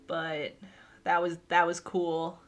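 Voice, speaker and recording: A woman talking casually on a podcast, animated and swearing as she rants about a show. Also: on the low side, slow. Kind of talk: casual chat.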